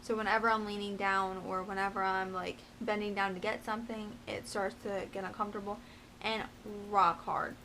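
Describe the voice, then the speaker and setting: A woman's voice: medium pitch, level tone, normal speed, bright, forceful tone. A pregnant young woman vlogging in a casual, rambling way, with lots of fillers as she talks about her week. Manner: chatty, rambling, with many fillers. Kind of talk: casual chat. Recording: faint background noise.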